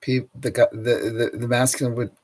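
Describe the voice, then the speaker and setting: A middle-aged man, an energy healer, giving a slow, earnest and emotive spiritual self-help talk. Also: medium pitch, little pitch movement, darkish tone, low-quality recording.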